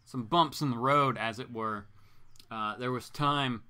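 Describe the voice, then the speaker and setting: Chatty man with a bright voice. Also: medium pitch, a little slow, clean tone. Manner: rambling and chatty, answers viewer comments. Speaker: comics show host. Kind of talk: casual live-stream chat.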